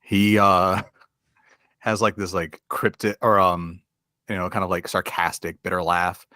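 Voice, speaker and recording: A man narrating a tabletop game as game master, halting with many fillers. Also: low-pitched, flat delivery, bright, forceful tone, no room sound, clean studio sound.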